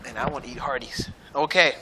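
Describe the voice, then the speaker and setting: A man's voice: mid-range voice, brisk. A man preaching a conversational sermon, playful and sarcastic, often checking in with his listeners. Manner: conversational preaching, keeps asking "right?". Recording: noisy hall with long reverb.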